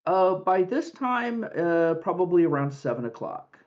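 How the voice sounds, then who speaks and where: A man narrating as game master for a tabletop game, relaxed and halting with many fillers. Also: sits high, dull audio.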